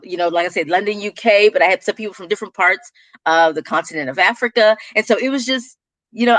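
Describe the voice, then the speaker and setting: A woman's voice: medium pitch, no room sound. Texas lady being interviewed, chatty storyteller, laughs a lot, dry close mic. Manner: animated storyteller, laughs often. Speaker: guest, business coach. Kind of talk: casual interview conversation.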